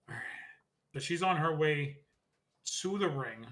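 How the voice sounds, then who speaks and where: Man, fairly high voice, casual podcast chat, rambling recap. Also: animated, fairly bright tone. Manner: rambling recap, quick asides, mock-quotes wrestlers. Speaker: podcast co-host.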